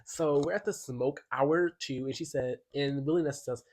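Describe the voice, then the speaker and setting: A man's voice: a little high, animated, moderate pace, a little mellow. A man giving a chatty, enthusiastic album review as a YouTuber, filling his talk with "like". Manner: chatty and enthusiastic, heavy use of "like". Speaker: music commentary YouTuber. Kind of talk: casual album review commentary.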